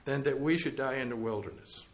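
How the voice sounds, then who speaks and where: A man preaching a sermon, reading scripture aloud and explaining it, with rhetorical questions and sudden drops to a quiet, low voice. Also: a little fast. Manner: swings from loud emphatic reading to low quiet asides.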